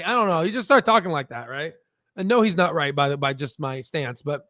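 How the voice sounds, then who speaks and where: High-voiced rambling man, dry close sound. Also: expressive, a little fast, fairly bright tone, no echo. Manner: rambling, profane, laughs at own jokes. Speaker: stock research channel host. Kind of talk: casual off-the-cuff explainer. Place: at a standing desk.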